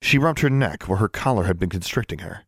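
A man narrating an audiobook in a steady, measured reading. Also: low voice, breathy edge, dry recording, studio quality.

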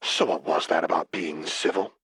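Brief: male narrator doing a stern, protective swordswoman, low and clipped. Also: fairly even intonation, moderate pace, a bit bright, breathy edge, no room sound, exaggerated voice.

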